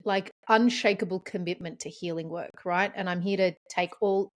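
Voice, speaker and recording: A woman hosting a podcast tells personal stories in casual conversation, her voice lowish and at normal speed. She's open and emotional, with an animated storytelling style.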